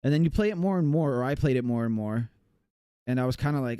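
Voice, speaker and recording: A man's voice: mid-range voice, fast talker, warm tone, clean tone, no echo, clean studio sound. A man from the United States chatting casually on a live game stream, rambling and reading chat aloud with many fillers.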